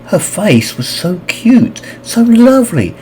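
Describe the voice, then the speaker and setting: A man narrating a fantasy audiobook with expressive, scripted reading. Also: takes it slowly, faint music behind, poor audio. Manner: expressive reading with lively pitch.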